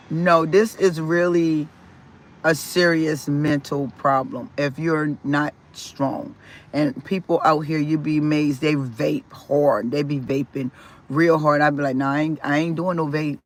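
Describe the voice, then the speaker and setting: A man vlogging casually about his life, rambling with restarts and repeated words, and swinging in loudness and pitch as he talks. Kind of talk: casual personal storytelling.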